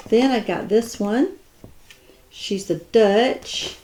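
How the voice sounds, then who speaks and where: A woman's voice: fairly high pitch, extremely slow, a little mellow, slight background noise. A woman chatting casually as she shows off her doll collection, admiring each piece and thinking aloud. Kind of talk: casual unboxing chat.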